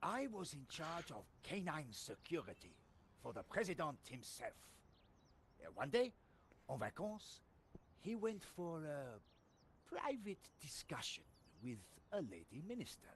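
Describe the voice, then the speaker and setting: Here is a middle-aged French police sergeant in a video game, sheepish yet pompous. His French accent carries a rueful, theatrical telling, and his pitch leaps and dives all over the place. A faint hiss sits behind him. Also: sing-song, measured pace.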